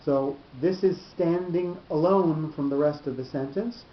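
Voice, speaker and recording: A man teaching a Torah study class, explaining slowly and often repeating his words. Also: on the high side. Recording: roomy lo-fi class recording.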